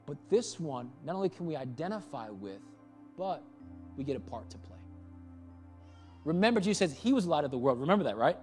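A man with a higher-than-usual voice delivers a church sermon. He drives his points home with rapid rhetorical questions and repeated lines, sometimes dropping low and quiet, sometimes rising to a near shout. Faint music sits under his voice. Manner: rhetorical questions, building to passionate outbursts; repeats phrases for emphasis. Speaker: pastor.

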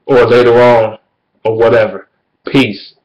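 Profane man ranting, heated and loud. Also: mid-range voice, a little slow, highs cut off. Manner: loud and animated. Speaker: vlogger. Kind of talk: profane sports rant.

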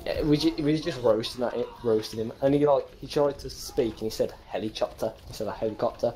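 A man's voice: mid-range voice, fast, dark tone, a little hiss or hum, low-quality recording. A young man with a Birmingham accent chatting casually and crudely over game voice chat, telling rambling jokey stories. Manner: crude, joking, rambling storytelling. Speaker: gamer in voice chat.

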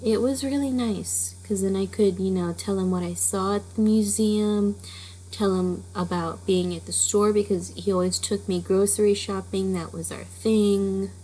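A woman's voice: mid-range voice, fairly even intonation, unhurried, dark tone, a little hiss or hum, low-quality recording. A woman hosting a storytelling channel, giving a rambling, casual spoken intro with many fillers. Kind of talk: casual chatty intro to a reading.

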